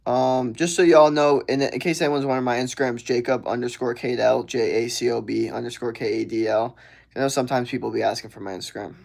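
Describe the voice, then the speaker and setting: A young man hosts a casual livestream Q&A. His voice sits at an ordinary middle pitch, and his talk is loose and slangy, rambling along with plenty of fillers. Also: steady tone, fast talker, creaky, a little mellow. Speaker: live streamer answering viewer questions.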